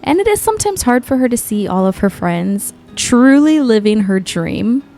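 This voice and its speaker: Bubbly higher-voiced woman gushing over gameplay. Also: sing-song, moderate pace, dark tone, faint music behind. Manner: chatty and gushing, often exclaiming. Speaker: gaming YouTuber. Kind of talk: casual gameplay commentary.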